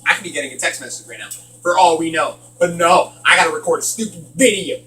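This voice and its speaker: A bright, fairly high-voiced man talks through a horror game, jumpy and nervous, cracking jokes to keep himself going. He sits back from the mic in an echoey room with a faint hiss behind him. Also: fast talker, distant mic. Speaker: gaming channel host. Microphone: distant from the mic.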